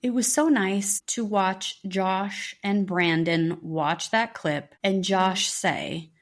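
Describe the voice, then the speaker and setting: A woman's voice: medium pitch, slow. A woman co-hosting a podcast, giving her blunt, casual take on a reality show episode. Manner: plainspoken, agreeing, then blunt in her opinions. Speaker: podcast co-host. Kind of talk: casual recap chat.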